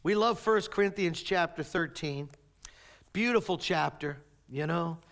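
A pastor preaching a sermon in a high, gravelly voice at an unhurried pace. His delivery swings between raised, emphatic lines and quiet, low asides to the congregation.

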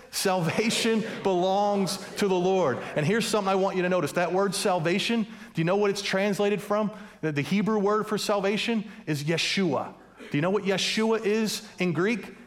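A male pastor delivers a sermon in a somewhat high voice. He keeps asking the congregation to answer him and slips in light jokes between his points. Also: a little fast. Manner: preaching with call-and-response questions and humor.

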